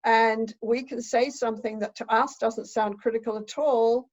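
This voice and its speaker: A woman's voice: a little high, steady tone, normal speed, lo-fi sound. An older woman, a relationship expert, explaining ideas thoughtfully in conversation with examples.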